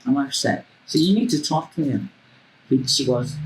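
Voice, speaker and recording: Her voice is lowish and gravelly, moderately paced, against a noisy background. This Hawaiian woman tells blunt, casual stories in an interview, swearing without restraint and performing the voices of the characters.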